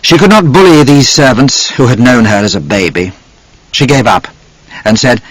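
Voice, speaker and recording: A man narrating an audiobook in an expressive, measured storytelling manner. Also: mid-range voice, no room sound, poor audio. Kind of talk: scripted narration.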